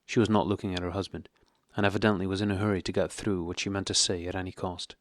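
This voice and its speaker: Low-voiced male audiobook narrator. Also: steady tone, fast, hardly any pauses, dry recording, studio quality. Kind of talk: scripted narration.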